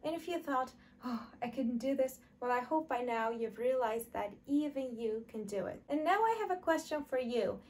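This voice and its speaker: A woman teaching an online English lesson, modeling example sentences slowly and clearly for learners to repeat. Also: high-pitched, expressive, darkish tone.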